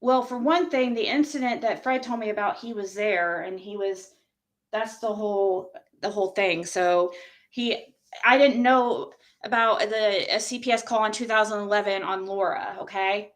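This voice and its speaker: A woman's voice: mid-range voice, normal speed. A woman livestreamer in a heated, profane rant, talking straight to her chat.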